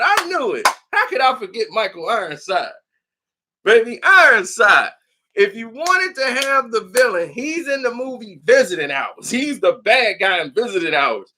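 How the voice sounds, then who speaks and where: A man's voice: high voice, very animated, normal speed, pushed and bright. A man from Chicago hosting a casual horror movie livestream, laughing often and acting out scenes as he talks.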